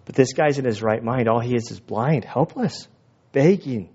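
A man's voice: medium pitch, slightly rough. Male pastor preaching in a conversational way. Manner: conversational, animated preaching with quick asides. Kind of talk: sermon. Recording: dull lo-fi recording.

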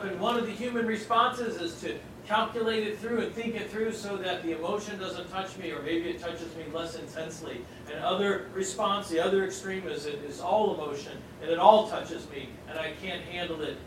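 High-voiced preacher in an echoey hall. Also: male voice, a little fast, hardly any pauses. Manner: dramatic swings from loud to hushed, acting out quoted speech. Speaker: pastor. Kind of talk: sermon. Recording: echoey hall miked from a distance, audible noise.

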